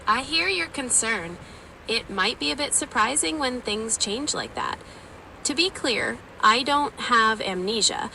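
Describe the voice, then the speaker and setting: A woman's voice: a little high, recorded from a distance, a little hiss or hum, rough recording. Polite synthetic woman's assistant voice. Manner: polite, even, measured replies.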